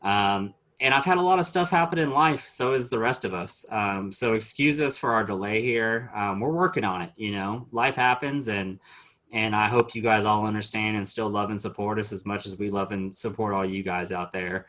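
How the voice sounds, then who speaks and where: A man's voice: fairly low pitch, normal speed, fairly bright tone. A man hosting a casual sports podcast, loose and joking, with lots of filler words. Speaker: podcast host.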